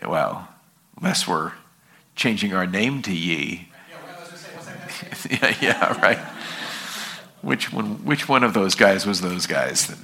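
A man's voice: sits low, lively intonation, takes it slowly, creaky, pauses often, pushed and bright. A man pastor teaching an evening sermon, reading scripture and asking the congregation questions in a conversational way.

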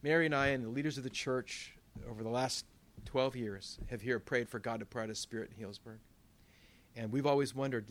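A man, a pastor, preaching a sermon in a conversational way, with asides and quick backtracks. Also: medium pitch, a bit bright.

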